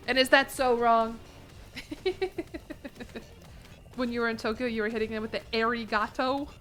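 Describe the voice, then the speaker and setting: A young adult woman streaming a game, chatting casually with playful, self-mocking jokes and bursts of laughter. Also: low-quality recording. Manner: bursts of animated laughter and pitch jumps. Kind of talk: casual livestream chat while playing a game.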